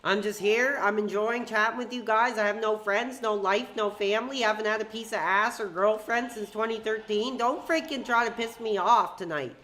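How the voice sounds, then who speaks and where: A woman's voice: medium pitch, normal speed, hardly any pauses, a bit bright. A woman hosting a live stream with fan call-ins, talking in a heated, ranting way with frequent swearing. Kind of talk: live-stream chat with fans.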